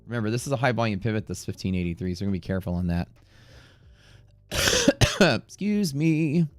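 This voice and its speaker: A man's voice: deep voice, very fast, darkish tone, dry recording, soft background music. A man hosting a live day-trading stream, talking in a chatty, rambling way that turns profane at times. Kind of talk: casual live-stream commentary. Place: Houston area.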